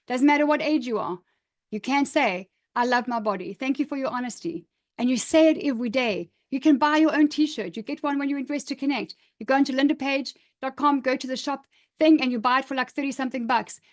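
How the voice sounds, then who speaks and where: Upbeat, encouraging woman coach, bit high. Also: brisk. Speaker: image coach. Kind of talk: live online workshop, reading out participants' comments.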